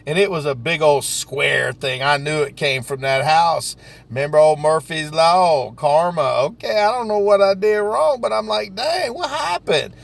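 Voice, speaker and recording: A man with a Southern US accent telling stories from his sales work in a folksy, animated way. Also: fairly high pitch, normal speed, gravelly. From Southern United States. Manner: folksy, animated, dialect grammar like "ain't nobody". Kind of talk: casual storytelling vlog.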